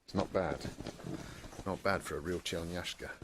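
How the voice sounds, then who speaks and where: A man's voice: deep voice, fairly even intonation, moderate pace. A man narrating a casual travel vlog to his handheld camera, chatty and wry, walking through town streets and later sitting in a bar. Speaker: travel vlogger. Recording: loud street noise from a video clip.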